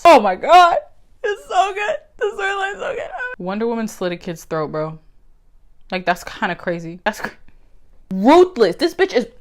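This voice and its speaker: A woman talking casually to camera, ranting about animated superhero movies in a lively, profane way with big swings in pitch. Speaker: video creator. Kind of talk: casual commentary vlog.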